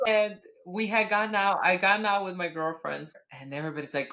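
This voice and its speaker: A woman in her thirties co-hosting a podcast, telling a personal story in casual chat, blunt and profane, with animated outbursts. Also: fairly low pitch, normal speed, few pauses. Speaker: podcast co-host.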